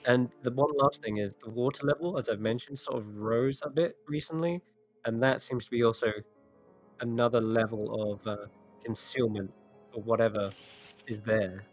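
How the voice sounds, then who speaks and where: A man's voice: medium pitch, fairly even intonation, normal speed, faint music behind. Man narrating as dungeon master. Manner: descriptive narration with frequent restarts and fillers. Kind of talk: narrating a tabletop game.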